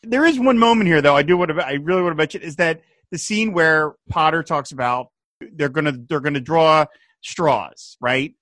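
A man with a slightly high, bright voice chats casually as a co-host. He is animated, laughing often and quoting lines as he goes. His voice sits close and dry. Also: normal speed, no room sound. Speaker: podcast co-host. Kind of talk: casual chat recapping a TV episode.

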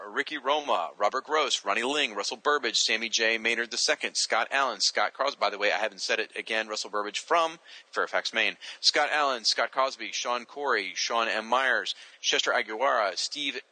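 A man hosting a podcast, casually reading out listener shout-outs and stumbling over names now and then. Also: mid-range voice, moderate pace, few pauses, dry recording, poor audio. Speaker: podcast host.

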